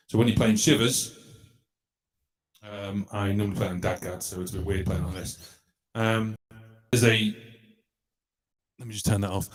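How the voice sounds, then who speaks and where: Low-voiced chatty man demoing gear. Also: in a large hall. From United Kingdom. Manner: chatty, hesitant, with many filler pauses. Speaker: musician demonstrating a loop pedal. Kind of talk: casual live-stream demo.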